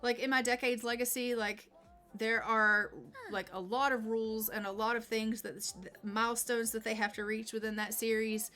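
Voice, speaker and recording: A woman's voice: a little high, flat delivery, moderate pace. A woman hosting casual gameplay commentary, chatty and full of fillers like "like" and "um". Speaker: gaming channel host. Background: faint game music.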